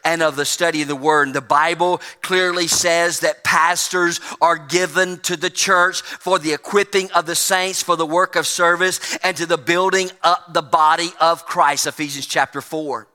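A man preaching a sermon to his congregation, with a folksy preacherly manner, swinging between emphatic peaks and low, quiet stretches. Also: steady tone, normal speed, few pauses, long reverb tail, soft background music. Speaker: pastor.

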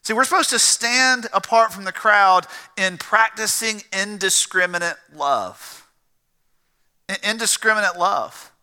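Male pastor with a South Georgia drawl, high, piercing and bright, preaching in a reverberant hall. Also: sing-song, measured pace. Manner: earnest preaching with repeated phrases and building emphasis. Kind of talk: sermon. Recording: long reverb of a large hall.

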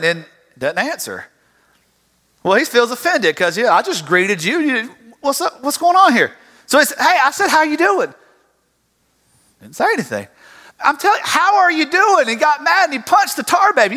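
A man preaching with a high, bright voice that swings widely in pitch. He tells stories with lively acted voices, and the sound rings with long hall reverb. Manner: animated storytelling, acts out voices. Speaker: pastor. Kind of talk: sermon.

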